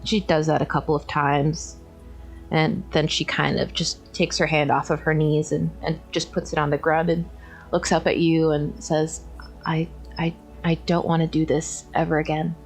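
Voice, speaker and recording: A woman's voice: sits low, little pitch movement, moderate pace, faint music behind, poor audio. A woman playing a tabletop game, hesitantly describing her character's actions with many "like"s. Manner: hesitant, full of "like". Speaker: player.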